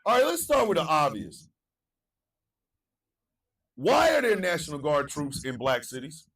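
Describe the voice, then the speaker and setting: A man hosting a morning talk show, animated, chanting hype calls and ranting, swinging between shouts and low asides. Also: unhurried, far from the mic, poor audio. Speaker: radio show host.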